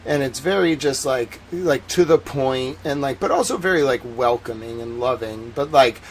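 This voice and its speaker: A man's voice: mid-range voice, moderate pace, a little hiss or hum. A man from Massachusetts with a local accent, hosting a livestream and chatting casually in a rambling way with constant "like" fillers. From Massachusetts, USA. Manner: rambling, heavy use of "like" fillers. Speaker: livestream host.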